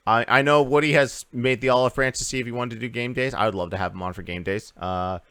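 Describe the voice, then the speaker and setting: A man's voice: medium pitch, steady tone, quick pace, a bit bright, clean tone, no echo, clean studio sound. A man hosting a casual gaming podcast, rambling through news with lots of uhs and restarts. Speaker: podcast host.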